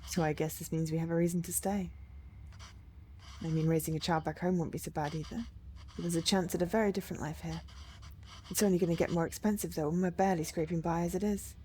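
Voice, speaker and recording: A woman's voice: on the low side, steady tone, fast talker, mellow, slight background noise, lightly acted. A woman reading the lines of a young father in a story game, hesitant and deferential. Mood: worried. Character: anxious young father, polite and earnest.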